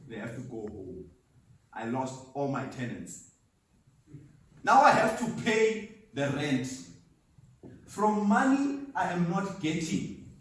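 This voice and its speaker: A man's voice: fairly high pitch, big pitch swings, slow pace, pauses often. A man giving an emphatic, storytelling talk at a seminar, recorded from a distance in an echoey hall. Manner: storytelling, emphatic, laughs at himself. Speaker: motivational speaker. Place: seminar venue.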